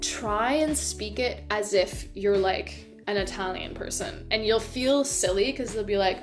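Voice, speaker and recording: A woman voice actress, a guest in a casual interview, talking in an animated, enthusiastic way with lots of fillers. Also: mid-range voice, moderate pace, hardly any pauses, soft background music. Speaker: voice actor guest.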